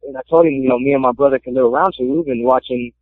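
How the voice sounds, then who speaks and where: Animated young man on a phone line. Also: mid-range voice, fast. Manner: animated storyteller, acts out quotes. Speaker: MMA fighter interviewee. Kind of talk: casual phone interview, storytelling.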